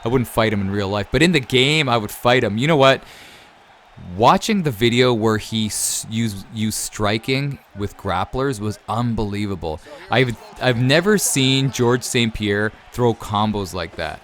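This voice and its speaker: Chatting casually with viewers on his YouTube gaming channel, this thirty-something host answers their questions with enthusiasm and keeps tacking on "man." He sounds fairly low-pitched, animated, and unhurried, a bit bright, over slight background noise.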